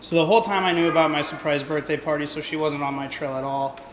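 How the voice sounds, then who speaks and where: A relaxed man tells a personal anecdote to his coworkers in a casual, storytelling manner. His voice is slightly high and carries a roomy hall reverb. A faint noise sits underneath. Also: fast. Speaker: team member.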